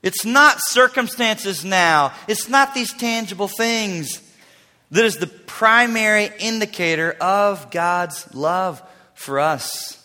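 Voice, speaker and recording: Male pastor, 50s, bright tenor, sermon in a reverberant hall, dynamic from shouts to whispers. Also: high voice, takes it slowly. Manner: swings from loud preaching to hushed near-whisper asides.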